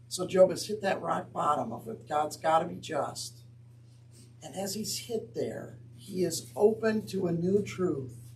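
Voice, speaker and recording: A man's voice: high-pitched, a little slow, a little mellow, distant mic, a little hiss or hum, rough recording. A man teaching on scripture in an earnest, conversational way with wry asides. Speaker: Bible teacher. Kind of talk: Bible teaching talk.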